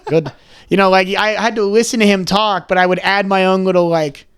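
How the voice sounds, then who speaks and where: A young man in his twenties telling stories as a podcast guest. He is animated and rambling, and keeps slipping into character voices. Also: sits high, fairly quick, smooth. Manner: rambling, with many restarts and "like"s. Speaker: guest, comedy content creator. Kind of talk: casual podcast chat.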